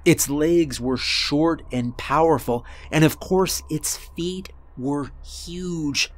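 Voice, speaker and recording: A man narrating a first-person horror story in a deliberate, earnest manner with dramatic pauses. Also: fairly high pitch.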